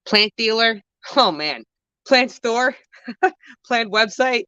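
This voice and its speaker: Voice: mid-range voice, lively intonation, takes it slowly, sharp tone, no room sound. Slangy new gardener rambling outside on a phone cam, kinda muffled lo-fi sound. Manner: rambling, slangy, self-correcting. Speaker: gardening vlogger answering viewer questions. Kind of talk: casual chat. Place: outdoor home garden. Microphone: handheld phone camera while walking.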